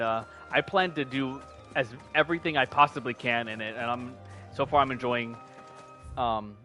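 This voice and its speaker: A man's voice: mid-range voice, sharp tone. A man casually chatting and rambling as he streams a video game, with many fillers and restarts. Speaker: gaming streamer. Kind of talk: casual let's-play commentary. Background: game music.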